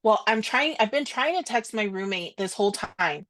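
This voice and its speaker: A young woman co-hosting a podcast, telling a story in casual chat, animated and quoting others in quick asides. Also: medium pitch. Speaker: podcast co-host.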